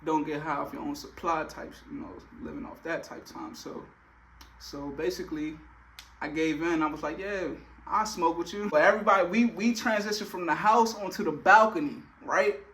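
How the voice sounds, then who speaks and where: A man's voice: fairly high pitch, normal speed, pushed and bright, a little hiss or hum. A young man telling a personal story in a casual, slangy way, full of filler phrases.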